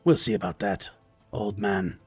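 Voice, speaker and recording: A man's voice: fairly low pitch, steady tone, measured pace, husky, no room sound, pitched below the performer's own voice. Man playing a sly young dwarf guard, mocking and cheeky, faint music behind.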